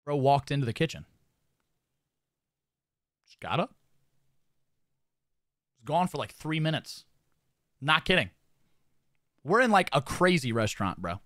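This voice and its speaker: A young man streamer telling a funny story to his chat in a casual, animated, profane way, often laughing. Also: a little high, a little slow, long pauses, no room sound, studio quality.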